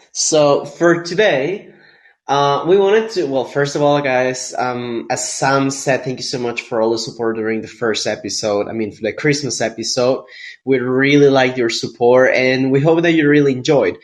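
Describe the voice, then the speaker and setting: A man with a hoarse voice from being sick, co-hosting a podcast in chatty casual talk with fillers. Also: medium pitch, normal speed. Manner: chatty, loose, with fillers like "you know". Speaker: podcast co-host. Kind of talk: casual couple chat.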